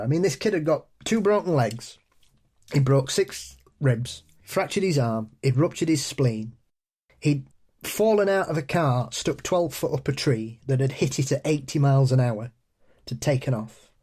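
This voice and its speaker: A middle-aged man tells a true ghost story from his youth, talking in loose, rambling sentences that he keeps breaking off and restarting. His voice sits at an ordinary middle pitch, and now and then he laughs at himself. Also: a little mellow. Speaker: storyteller guest. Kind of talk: casual spoken ghost story.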